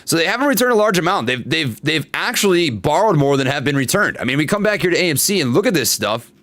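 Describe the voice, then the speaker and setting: A man hosting a casual stock market livestream, chatting with viewers and reading their comments, animated, with plenty of fillers and repeats. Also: on the high side, fast talker, dry recording. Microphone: desktop studio microphone.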